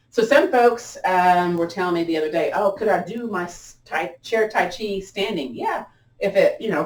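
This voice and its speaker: A woman leading a gentle yoga class, giving upbeat, cheering cues with chatty asides, her voice a little cracked as she clears her throat. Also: on the low side. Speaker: yoga instructor. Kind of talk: guided yoga class instruction. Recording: echoey room, distant mic.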